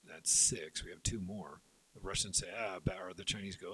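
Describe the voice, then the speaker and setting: Low husky man explaining a board game. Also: pushed and bright, rough recording. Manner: explains step by step, voices players' moves in quick asides. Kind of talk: tabletop game rules walkthrough.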